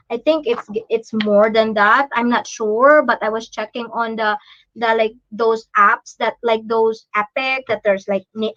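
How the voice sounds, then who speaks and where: Woman, high voice, casual parent vlog, emotional and stop-start, dull lo-fi recording. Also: fairly bright tone. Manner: emotional, halting, many restarts. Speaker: parent vlogger.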